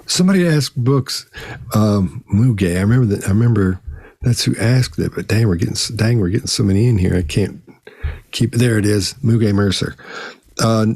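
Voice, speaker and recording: A man's voice: on the low side, normal speed, a little mellow. A man co-hosting a live Q&A on body language, talking in a folksy way with many restarts. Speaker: co-host, body language expert. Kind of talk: live Q&A chat.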